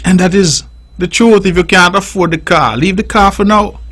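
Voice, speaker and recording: A man's voice: high-pitched, normal speed, a bit bright, rough recording. A middle-aged man with a Nevisian accent, hosting radio call-in commentary in an emphatic, repetitive, preaching way on a studio microphone. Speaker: radio talk show host.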